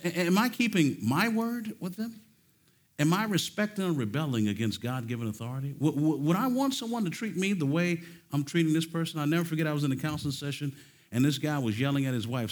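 A man preaching a sermon at a conference, swinging from loud emphatic peaks to low, quiet phrases and firing off rhetorical questions. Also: expressive, quick pace. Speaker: conference speaker. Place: conference stage.

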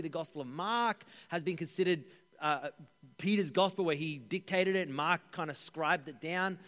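Animated pastor preaching in an echoey hall. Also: male voice, fairly high pitch. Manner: animated preaching, swelling for emphasis, hushed on key points. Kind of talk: sermon.

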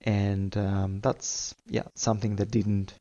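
Guy on a podcast, slow and umm-y, low mellow voice, kinda muffled audio. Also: little pitch movement. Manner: hesitant, many fillers. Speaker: podcast guest. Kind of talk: casual chat.

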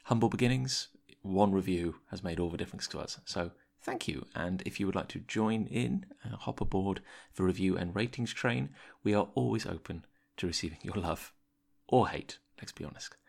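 A podcast host talks in a hushed, raspy whisper, as if trying not to wake anyone. His low, gravelly voice rambles along with plenty of ums and uhs. It is a casual whispered interlude. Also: moderate pace. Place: editing suite, early morning.

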